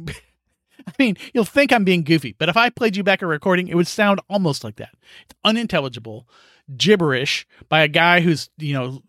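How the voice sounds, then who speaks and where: A man's voice: a little high, a bit bright, no echo, studio quality. A middle-aged man hosting a solo podcast, talking frankly and with exasperation, swearing freely, often sighing and laughing. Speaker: podcast host. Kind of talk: casual solo monologue.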